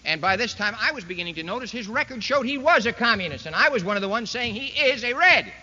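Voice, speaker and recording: Before a live audience, a man speaks at a quick pace in a very high, expressive voice with a sharp edge. His political remarks are folksy and sarcastic, built around rhetorical questions. The recording is lo-fi and dull, made in a reverberant hall.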